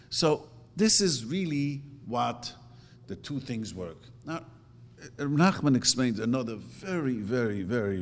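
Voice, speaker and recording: A middle-aged man giving an earnest, repetitive religious teaching, with sudden jumps in pitch. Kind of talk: Torah class sermon. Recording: roomy hall reverb, faint noise.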